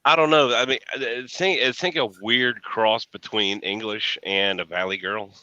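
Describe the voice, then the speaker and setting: An American man chatting casually online, telling rambling stories with animated retellings. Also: on the low side, normal speed, no room sound, muffled recording. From United States. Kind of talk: casual chat.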